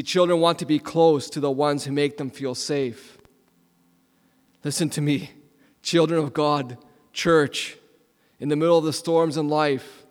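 A man preaching a sermon as a pastor, asking rhetorical questions and repeating lines, swinging from loud emphasis to hushed near-whispers. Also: fairly high pitch. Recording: long hall reverb.

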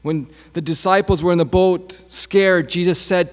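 A man preaching a sermon as pastor, with a slow, repetitive preaching cadence. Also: high voice. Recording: long hall reverb.

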